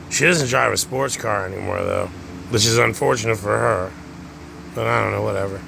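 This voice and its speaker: A man's voice: fairly low pitch, fairly quick, gravelly, background noise. A man hosting his own show, talking in a rambling stream-of-consciousness monologue, swearing constantly and repeating phrases over and over. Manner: profane, repetitive, chanting phrases over and over. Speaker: host.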